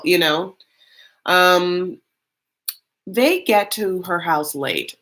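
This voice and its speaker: A woman's voice: on the low side, extremely slow, pauses often, a bit bright. A woman hosting a casual reality-show recap, chatty and loose, full of fillers and calling the audience honey.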